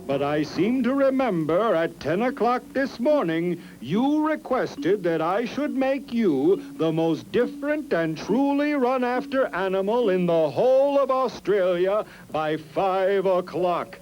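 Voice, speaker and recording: A man voicing a big male god in a storybook reading, speaking in a lofty, unhurried way. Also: high-pitched, big pitch swings, darkish tone, a little hiss or hum, pitched above the performer's own voice.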